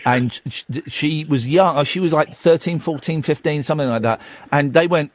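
A man's voice: fairly high pitch, fairly quick, few pauses. A man hosting a radio phone-in, chatting casually and animatedly into a studio microphone. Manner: animated, chatty, laughs at his own stories.

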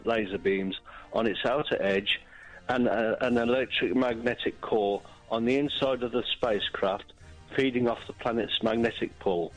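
A man co-hosting on radio, reading a statement aloud in a flat, matter-of-fact way. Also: mid-range voice, poor audio. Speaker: radio co-host.

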